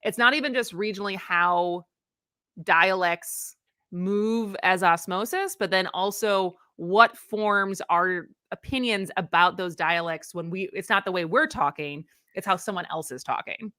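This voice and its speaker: A woman hosting a live radio talk show, asking questions in a quick, chatty, energetic way. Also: mid-range voice, no echo, studio quality.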